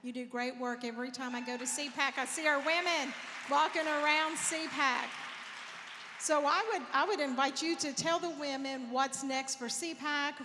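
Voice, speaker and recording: A woman's voice: sits high, steady tone, moderate pace. A woman speaking as a panelist, firm and emphatic. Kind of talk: convention panel talk. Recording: hall reverb with faint noise.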